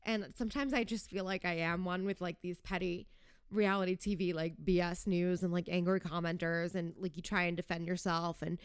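A woman's voice: on the low side, fairly even intonation, normal speed, clean tone, no echo, studio quality. A young woman hosting a podcast, ranting in a chatty, fired-up way with sarcastic jabs and lots of "like". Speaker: podcast host. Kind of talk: casual reality TV gossip rant.

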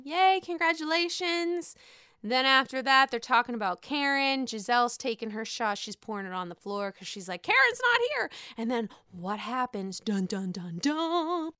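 A woman casually recapping a reality show, animated and profane, acting out the people she talks about. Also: high-pitched, normal speed, clean tone, no room sound, studio quality. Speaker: recap podcast host.

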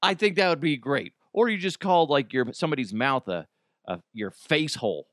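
A man's voice: mid-range voice, animated, normal speed, dry recording, clean studio sound. A man in his thirties, a podcast host, telling stories in a casual, joking monologue and laughing often.

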